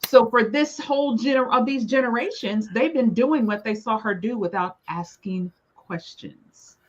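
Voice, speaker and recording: Woman telling lively stories, lo-fi sound. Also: on the high side, moderate pace, a little hiss or hum. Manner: lively storyteller who acts out family members' lines. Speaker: panelist sharing her experience. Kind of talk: casual storytelling chat.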